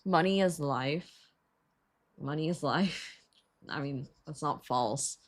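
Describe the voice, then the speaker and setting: A low-voiced woman speaks slowly as she co-hosts a stream with her husband. Telling a story in casual chat, she's animated, laughs often, swears freely and fills her speech with lots of fillers.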